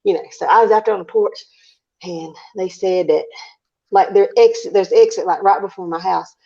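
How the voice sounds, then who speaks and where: A woman with a drawl tells a story on a live talk stream, animated and quick to laugh, acting out her own reactions as she goes. The audio comes through a little muffled. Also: medium pitch, vocal fry. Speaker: panelist.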